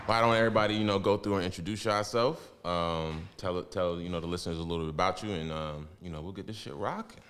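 A man's voice: sits low, fast, hardly any pauses, a bit bright, soft background music. A man hosting a casual podcast, talking in loose, repetitive slang and laughing often. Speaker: podcast host.

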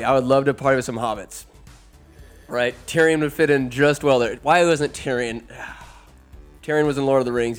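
A man retelling a movie in a loose, crude, joking way, as a comedic host. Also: fairly high pitch.

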